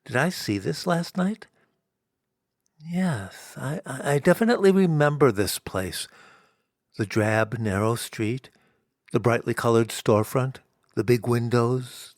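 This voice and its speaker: An American man narrating his own story in the first person, wry and self-mocking, in a slow, unhurried telling. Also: medium pitch, darkish tone, dry recording, clean studio sound. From United States.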